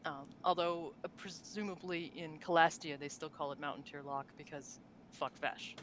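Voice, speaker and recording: A woman's voice: sits low, fairly even intonation, normal speed, background noise. A woman co-hosting a casual podcast chat about tabletop game lore, talking loosely with fillers and frequent laughs. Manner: chatty, laughs often, many fillers and restarts. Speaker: podcast co-host.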